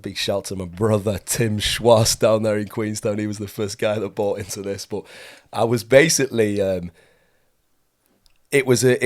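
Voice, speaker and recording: Brief: very low male voice, emphatic coach hosting a podcast, repeats himself for stress. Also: steady tone, normal speed. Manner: emphatic, repeats his points. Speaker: host and skydiving coach. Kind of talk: podcast conversation.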